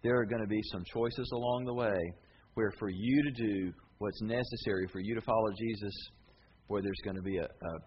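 A male pastor giving a sermon, animated and conversational, acting out short voices as he tells stories. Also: mid-range voice, dull audio, slight background noise.

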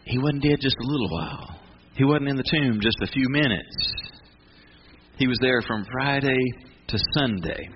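A man preaching a sermon in an emphatic voice, breaking off and restarting as he drives his points home. The recording is a bit dull and muffled, with noise hissing clearly behind him. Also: mid-range voice, animated. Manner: emphatic, with many restarts and dramatic pauses. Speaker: pastor. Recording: muffled with noticeable background noise.

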